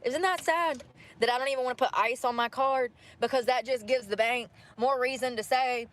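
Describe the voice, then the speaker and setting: A woman's voice: high voice, normal speed, fairly bright tone. A woman vlogging casually, talking bluntly and swearing freely as she vents about her day. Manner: blunt and profane, venting. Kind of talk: casual vlog chat.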